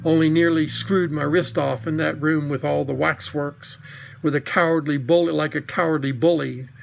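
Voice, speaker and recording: Young girl, read by a man, sarcastic, cool, proud, slightly high voice, muffled sound. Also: fairly even intonation, moderate pace, gravelly, a little hiss or hum. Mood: tart. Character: sharp-tongued young girl, sensible and proud.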